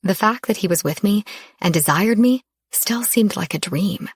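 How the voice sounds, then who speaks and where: Husky-voiced woman narrating a romance audiobook. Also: medium pitch, moderate pace, dry recording, clean studio sound. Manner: intimate, soft storytelling.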